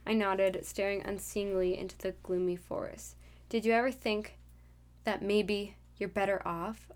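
A young woman co-hosting a casual book-club podcast, laughing easily and reading passages softly. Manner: laughs easily, reads passages in a soft low voice. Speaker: podcast co-host.

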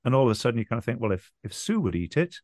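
A man's voice: mid-range voice, sing-song, racing, darkish tone, no echo, clean studio sound. A man, a business founder, answering interview questions in a chatty, anecdotal way.

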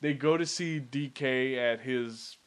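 A man co-hosting a casual movie podcast, retelling the plot in a relaxed way with many "you know"s. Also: medium pitch, takes it slowly, clean tone. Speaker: podcast co-host. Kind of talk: casual movie recap chat.

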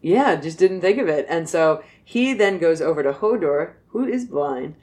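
Low-voiced woman, jokey storyteller. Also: lively intonation, moderate pace, a little mellow. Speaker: podcast host retelling myths. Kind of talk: casual chat.

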